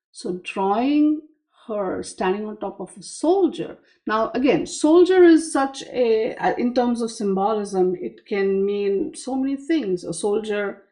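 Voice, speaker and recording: A woman tarot reader retelling a myth to explain a card's image, unhurried and full of asides. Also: medium pitch, warm tone.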